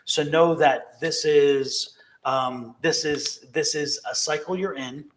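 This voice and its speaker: A man's voice: a little high, slow pace, a little hiss or hum. A man giving live-streamed tarot readings, emphatic and encouraging, repeating key phrases to viewers. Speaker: tarot reader.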